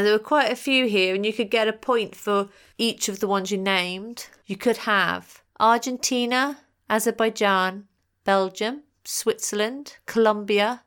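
A woman's voice: mid-range voice, a bit bright, smooth. A woman hosting a podcast and reading out quiz answers in a chatty, playful way with jokey asides. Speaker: podcast host.

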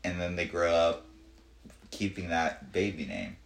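A man with a lowish voice, rambling through a casual podcast chat with lots of bro and dude. His voice sounds echoey, like a bare room. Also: very animated, a little slow, vocal fry. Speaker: podcast co-host.

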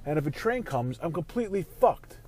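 A man hosting a casual sports talk show from his car while driving, ranting and swearing, quick to flare into angry outbursts. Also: on the high side, big pitch swings, darkish tone, husky. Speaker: show host.

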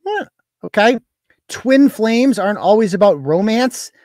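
A man hosting a live-stream show, giving profane, sarcastic commentary in an animated way. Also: high voice, measured pace, dry recording, clean studio sound. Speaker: show host.

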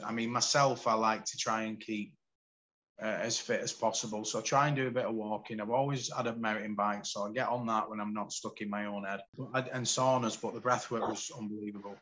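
A man in his forties from the UK, a podcast guest telling his story in candid, animated casual conversation. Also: on the low side, a little hiss or hum, rough recording. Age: 40s.

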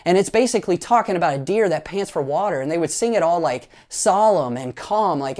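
A man preaching a sermon as pastor, telling lively stories with playful asides and leading the congregation in group actions. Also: a little high, fairly quick, hardly any pauses.

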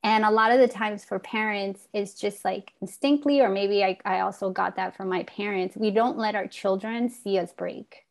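A woman in her forties talks openly and reflectively, her voice sitting at an ordinary middle pitch. She speaks casually and earnestly as a host in conversation, with a swear word here and there. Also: fairly even intonation, normal speed, creaky, hardly any pauses. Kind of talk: candid heartfelt conversation.

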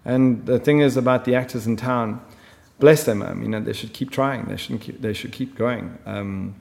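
A man's voice: mid-range voice, normal speed, gravelly, darkish tone, long reverb tail. A man talking as a film director in an interview, chatty and full of fillers. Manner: chatty storyteller, many fillers. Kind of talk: conversational interview.

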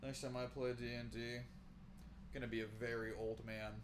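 Male podcast co-host, casual chat, rambling, swears freely, mid pitch. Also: flat delivery, brisk, noisy background.

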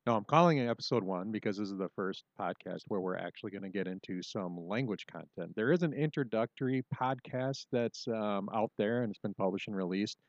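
A man hosting a podcast language lesson in a casual, unhurried way, with plenty of ums and slow, careful pronunciation of example words. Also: fairly low pitch, a little mellow, no room sound, dull audio.

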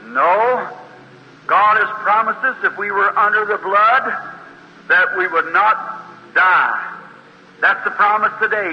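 A man preaches a fiery revival sermon, acting out the voices in his story and rising to high, urgent exclamations. His voice sits high. The recording is dull and lo-fi, with a long hall reverb and faint hiss behind him. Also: takes it slowly, long pauses.

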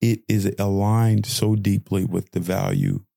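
A man's voice: on the low side, little pitch movement, measured pace, gravelly, warm tone, dry recording, studio quality. A young man hosting a podcast, delivering an impassioned audio-diary rant with lots of repeated phrasing. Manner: impassioned ranting, repetitive phrasing. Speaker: podcast host.

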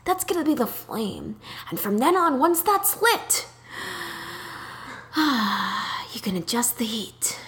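A woman's voice: on the high side, sing-song, slow pace, fairly bright tone, pitched above the performer's own voice, full character voice. A woman voicing an exasperated older male landlord who sighs and gives weary, repetitive instructions.

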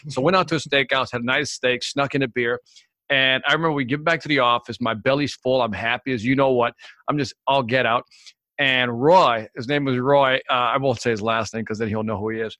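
A man telling stories as a guest in an interview, animated and acting out the people in them. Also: mid-range voice, fairly quick, no echo, clean studio sound. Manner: animated storyteller, acts out the people in his stories. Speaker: guest, sales expert. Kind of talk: storytelling in a podcast interview.

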